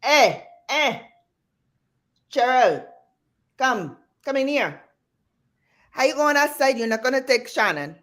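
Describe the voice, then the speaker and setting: A bossy older Caribbean grandmother , as a woman puts her on barks short, loud commands to herd the kids outside. Her voice jumps well above the speaker's usual pitch and carries a strong Caribbean lilt. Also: very animated, slow pace, pauses often, full character voice. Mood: bossy commanding. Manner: loud, clipped, commanding calls.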